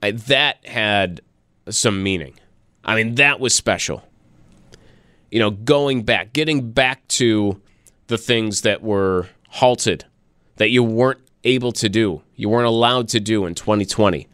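A man's voice: a little slow, fairly bright tone, clean tone, dry recording. Chatty male radio host, dry sound. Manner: chatty, laughing, wide pitch swings. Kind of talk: casual radio talk.

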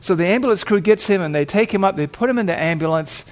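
A man's voice: high voice, animated, quick pace. Man telling a vivid sermon story. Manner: vivid storyteller, acting out quoted voices. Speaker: pastor.

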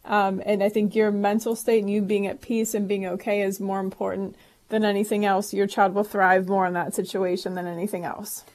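A woman's voice: mid-range voice, little pitch movement, a little fast, darkish tone. A woman co-hosting a call-in advice show, talking reassuringly with many fillers. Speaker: co-host.

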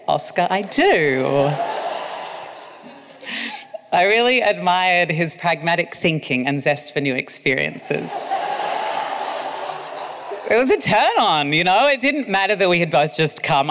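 A man's voice: sits high, big-room sound, noisy background. A man narrating his own memoir as an audiobook, with cheeky asides. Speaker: author reading own memoir.

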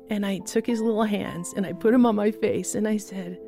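A woman telling a personal faith story as a guest, earnest, with pauses and restarts. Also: medium pitch, dark tone, faint music behind.

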